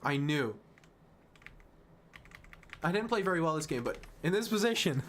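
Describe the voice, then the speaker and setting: Man, chess streamer, casual game commentary, excitable, self-mocking, mutters when annoyed, faint typing in background. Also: on the high side, a little hiss or hum. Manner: excitable and self-mocking, talking fast through move lines; drops to quiet muttering when frustrated.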